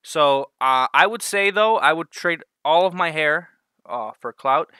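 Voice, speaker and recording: Man, sarcastic comedy rant, crude jokes, bright tone, dry close mic. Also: on the high side, lively intonation, a little slow, clean tone, dry recording. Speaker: vlogger.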